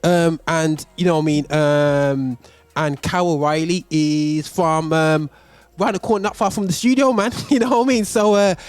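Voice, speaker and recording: A man's voice: on the high side, normal speed, clean tone, no echo. Chatty male host. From West Midlands, England. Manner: animated, chatty, lots of fillers. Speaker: radio host. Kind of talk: casual chat.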